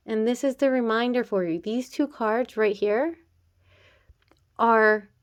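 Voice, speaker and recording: A woman doing a casual oracle card reading to camera. She talks earnestly and encouragingly, straight to the viewer, in a chatty way with laughs and filler words. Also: mid-range voice.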